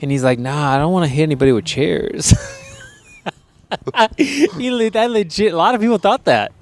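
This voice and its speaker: A man's voice: a little high, expressive, normal speed, gravelly. A young man co-hosting a casual podcast, laughing often and riffing on the stories. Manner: laughs often, riffs on the other host's stories. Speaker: podcast co-host. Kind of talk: casual chat.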